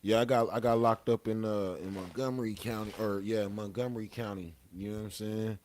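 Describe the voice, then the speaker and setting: A man's voice: lowish voice, fairly even intonation, fairly quick, darkish tone, a little hiss or hum. A young man telling a story casually as a podcast guest, laid-back and profane, often tagging lines with "you know what I'm saying.".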